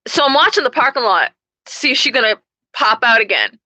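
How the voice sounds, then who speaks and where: Give me a young woman vlogger with a fairly high voice, cursing her way through a story. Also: fairly quick, no room sound, poor audio. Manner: profane, animated storytelling. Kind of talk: casual storytelling.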